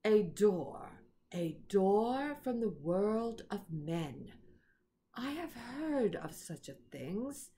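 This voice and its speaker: A woman voicing a cold, imperious queen who is a witch, speaking in a haughty, slow and menacing way while reading a storybook aloud. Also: medium pitch, very animated, dark tone. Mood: musing.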